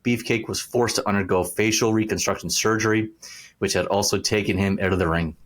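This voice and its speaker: A man with a low voice co-hosts a casual chat show, talking in a jokey, playful way. His mouth is burning from a spicy snack, and he keeps pushing through his storytelling. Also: fairly even intonation, a little fast. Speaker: podcast co-host. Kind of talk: casual podcast chat and recap.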